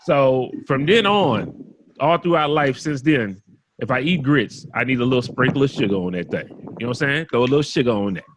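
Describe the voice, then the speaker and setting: A man's voice: mid-range voice, animated, a little fast. Man, podcast co-host, laid-back, joking, slangy, faint background hiss. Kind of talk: casual chat.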